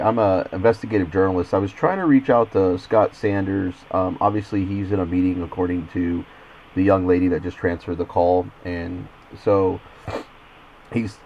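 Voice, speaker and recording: A man's voice: on the low side, a little hiss or hum. A man working as an investigative journalist, talking insistently on a recorded phone call and often stammering and repeating his words. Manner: insistent, persistent.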